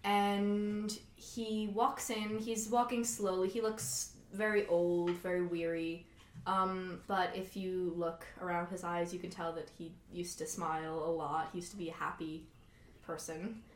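A woman's voice: lowish voice, little pitch movement, measured pace. A woman narrating a tabletop game as game master, hesitant and full of fillers. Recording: echoey room with faint noise.

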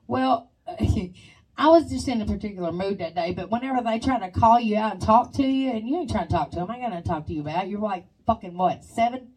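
A woman's voice: mid-range voice, fast, a little mellow, breathy edge, distant mic, low-quality recording. A woman co-hosting a casual podcast, telling stories, swearing freely and mimicking other people's voices. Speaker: podcast co-host. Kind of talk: casual chat.

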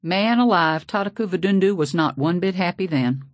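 Low-voiced woman, folksy narration. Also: animated, moderate pace, no room sound, clean studio sound. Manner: folksy, sassy first-person storytelling. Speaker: audiobook narrator. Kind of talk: scripted narration.

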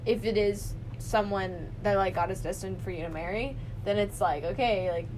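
A woman's voice: mid-range voice, normal speed, background noise. A young woman with a Southern American accent, co-hosting a casual podcast chat, talking in a chatty way with lots of "like" and easy laughter. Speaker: podcast co-host.

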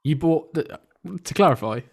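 A man's voice: on the high side, normal speed. A young British man hosting a casual podcast chat, telling stories and teasing his guest with lots of laughter. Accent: British English. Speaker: podcast host.

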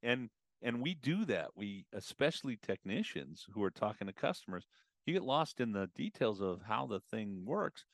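A man talking as a guest on a podcast about customer communication, casual and animated, acting out customer conversations. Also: on the low side, normal speed, vocal fry, dry recording, clean studio sound. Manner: animated, acts out customer and advisor exchanges. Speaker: automotive business consultant guest.

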